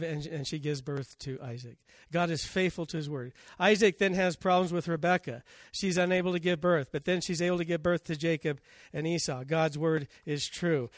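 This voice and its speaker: A man's voice: a little high, no room sound, studio quality. A man preaching a sermon, telling scripture stories and acting out the quotes. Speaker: pastor.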